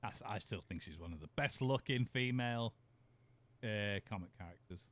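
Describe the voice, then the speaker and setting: A man's voice: lowish voice, normal speed, fairly bright tone, no echo. A man co-hosting a podcast, chatting casually, rambling, swearing and laughing often. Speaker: podcast co-host. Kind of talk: casual chat.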